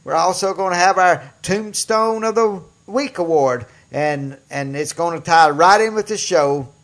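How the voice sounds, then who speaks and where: Man, older, Southern accent, political talk host, folksy, emphatic, slightly high voice. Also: unhurried. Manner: emphatic, folksy, rises loud on key points. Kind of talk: political commentary monologue.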